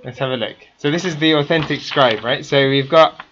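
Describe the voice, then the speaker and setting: A man's voice: a little high, brisk, fairly bright tone, highs cut off, a little hiss or hum. A man teaching a class, constantly quizzing his students with questions. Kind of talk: interactive classroom lesson.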